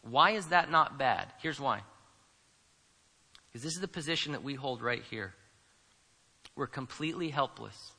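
A man preaching a sermon as a pastor, swinging between quiet asides and loud, emphatic lines. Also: mid-range voice, expressive, measured pace, gravelly, pauses often. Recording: preached in a room with long reverb.

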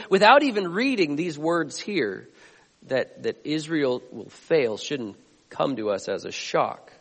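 A man preaching a sermon as a pastor, earnest, swinging between loud emphatic lines and quiet ones. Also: on the high side, big-room sound.

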